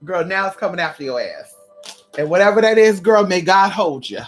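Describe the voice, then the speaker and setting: Woman livestream host, sassy and chatty, very animated pitch, faint background music. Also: fairly quick. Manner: sassy, chatty, keeps calling listeners honey and girl; breaks into loud laughs and exclamations. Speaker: livestream host teaching conjure. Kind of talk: casual livestream chat.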